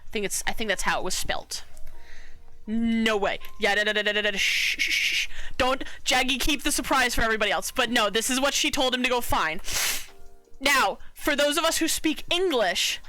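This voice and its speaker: A woman's voice: fairly high pitch, normal speed, pushed and bright, faint music behind. A woman streamer telling a story to her chat in a casual, rambling way, full of fillers and the odd swear. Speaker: art streamer.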